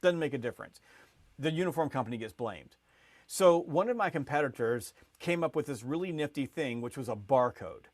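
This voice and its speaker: A middle-aged man, a sales expert guest in a podcast interview, telling stories with growing energy and many quick restarts. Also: dry recording. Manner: lively, rising pitch and volume as the story builds, frequent restarts. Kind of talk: animated storytelling in a podcast interview.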